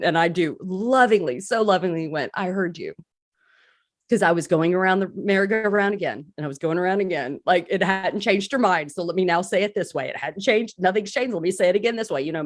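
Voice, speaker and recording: A woman speaking in a candid, self-deprecating way, giving a casual recovery talk on a live stream as a crisis support speaker. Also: mid-range voice.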